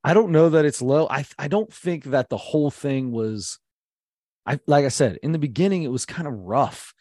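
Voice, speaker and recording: A man's voice: a little high, normal speed, no echo. Chatty dad-aged man, dry close mic. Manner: animated, mimics accents for laughs. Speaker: podcast co-host. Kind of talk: casual chat reviewing comedy.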